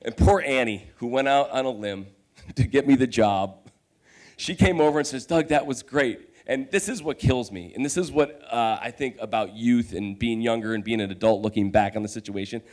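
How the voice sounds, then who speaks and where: A man telling a true personal story on stage, animated and profane, laughing as he talks and acting out his own inner voice. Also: mid-range voice, moderate pace.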